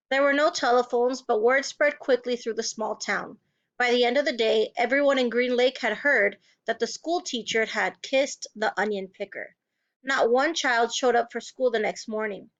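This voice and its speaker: High-voiced woman reading to students. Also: fairly bright tone, lo-fi sound. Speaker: teacher reading aloud. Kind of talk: read-aloud storytelling with vocabulary review.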